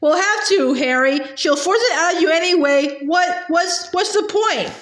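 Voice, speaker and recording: A woman's voice: high voice, lively intonation, moderate pace. A woman voicing a frightened, clever teenage girl witch who pleads in a breathless, stammering way, recorded in a roomy space. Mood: pleading. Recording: roomy echo.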